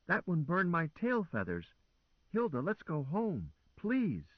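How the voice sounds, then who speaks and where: A man's voice: a little high, wildly swooping pitch, slow, dry recording, phone-quality sound, voice pushed up, full character voice. A man voicing a fretful, stubborn female AI that runs a flying car, with an anxious, whiny manner. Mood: alarmed.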